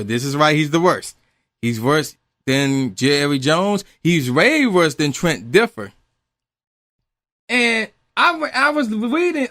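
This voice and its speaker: A man's voice: fairly high pitch, pushed and bright. A man ranting in exasperated, incredulous commentary, swearing freely. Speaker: commentary vlogger.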